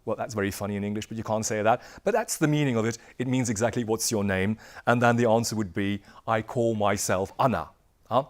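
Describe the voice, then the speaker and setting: A man's voice: on the low side, quick pace. Playful man teaching a language class. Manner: playful, repeats himself, laughs often; drills words for the class to repeat. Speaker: Dutch language instructor. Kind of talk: lively classroom presentation.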